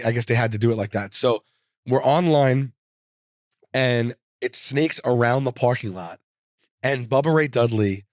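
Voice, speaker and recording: New male comedian, animated storyteller, middle pitch, dry studio sound. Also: dry recording. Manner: animated, with many restarts and acted quotes. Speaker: comedian guest. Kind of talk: casual storytelling.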